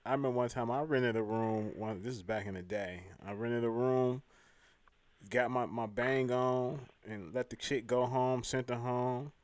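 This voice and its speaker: A man's voice: mid-range voice, fairly even intonation, normal speed, darkish tone, no room sound. Give me a teasing, crude male host with a dry, close sound. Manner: teasing, crude, laughs a lot. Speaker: show host. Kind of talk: casual interview banter.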